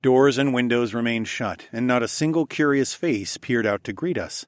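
A man reading a first-person fantasy audiobook in a steady, measured way. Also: mid-range voice, no room sound, studio quality. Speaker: audiobook narrator.

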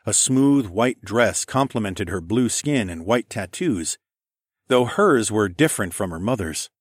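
Low-voiced male audiobook narrator. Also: expressive, measured pace, no echo, studio quality. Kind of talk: first-person fantasy audiobook narration.

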